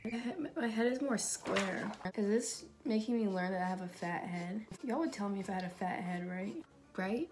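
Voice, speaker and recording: A woman's voice: medium pitch, moderate pace. Chatty self-deprecating woman vlogger. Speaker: makeup YouTuber. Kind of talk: casual vlog chat while drawing. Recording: background music.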